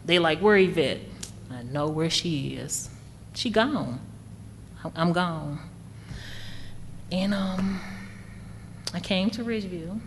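A middle-aged woman gives an emotional personal testimony in a plain, conversational way. Her voice sits a little low, and a long reverb hangs on it. A faint room noise runs underneath. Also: slow, long pauses. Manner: candid, conversational, emotional storytelling. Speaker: speaker sharing recovery story.

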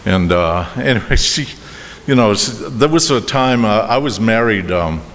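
A middle-aged man with a Boston accent tells a meandering personal story about his drinking at a recovery meeting, halting and restarting with chuckles. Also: on the low side, lively intonation, a bit bright. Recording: reverberant hall with faint noise.

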